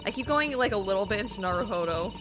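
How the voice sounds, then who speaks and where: A woman's voice: medium pitch, lively intonation, fast. A woman streaming a game, chatting playfully and reading lines aloud. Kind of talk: casual game stream commentary. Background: game music.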